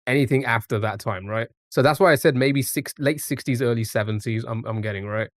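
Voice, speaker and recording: A man's voice: mid-range voice, a little fast, no echo. A man streaming a guessing game, thinking aloud in a rambling way full of restarts and fillers. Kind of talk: casual live-stream commentary.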